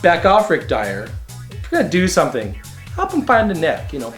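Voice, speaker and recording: A man's voice: a little high, huge pitch swings, fairly quick, loud music behind the voice. A man hosting a comedic video commentary show, talking in a sassy, catty, campy way. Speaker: show host.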